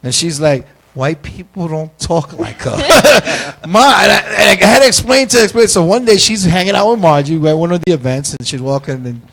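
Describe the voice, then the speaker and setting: Animated New man telling stories. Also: sits high, brisk, gravelly, hardly any pauses, slightly rough. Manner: animated storyteller, acts out quotes. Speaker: host. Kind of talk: casual chat, storytelling.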